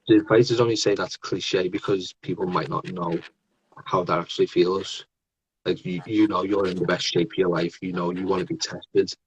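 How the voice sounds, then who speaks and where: A man's voice: sits low, fairly even intonation, normal speed, a little hiss or hum, poor audio. A man in his thirties hosting a casual podcast interview, chatty and laughing often. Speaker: podcast host.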